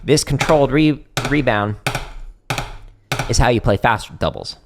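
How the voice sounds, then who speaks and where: A man's voice: mid-range voice, measured pace, gravelly, background noise. A man teaching drumming on a livestream Q&A, explaining casually with lots of fillers and counting out strokes. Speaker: drum teacher. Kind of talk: livestream Q&A lesson.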